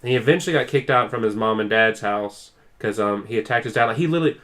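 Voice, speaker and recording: A man's voice: lowish voice, quick pace, fairly bright tone. Rambling, filler-heavy male podcast storyteller. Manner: acts out quoted people with raised intensity. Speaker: podcast co-host. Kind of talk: casual chat.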